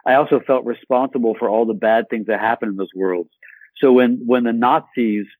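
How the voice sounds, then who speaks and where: A man's voice: medium pitch, steady tone, a little fast, darkish tone, dry recording, rough recording. A man from Michigan, a guest actor on an interview podcast, telling stories with playful acted-out asides. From Michigan, USA.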